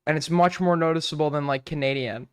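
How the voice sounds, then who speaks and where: A male streamer with a high, crisp voice rambles through crude, irreverent commentary. The sound is dry and close. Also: quick pace, no room sound. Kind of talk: casual live-stream commentary.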